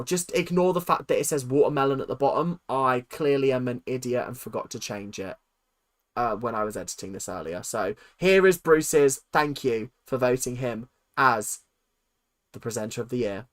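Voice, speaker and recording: A man's voice: mid-range voice, moderate pace, fairly bright tone. A young man hosting a livestream, chatting casually with a rambling, self-deprecating manner that trails off with fillers. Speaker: livestream host.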